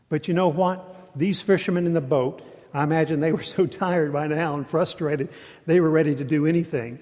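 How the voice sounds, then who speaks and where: A preacher with a slightly high voice tells the story in a lively, repetitive way. A long reverb fills out every phrase. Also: male voice, normal speed. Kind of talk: sermon.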